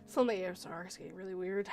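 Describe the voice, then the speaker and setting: A woman's voice: medium pitch, darkish tone. A woman hosting a casual livestream chat, talking freely and laughing often. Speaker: stream host.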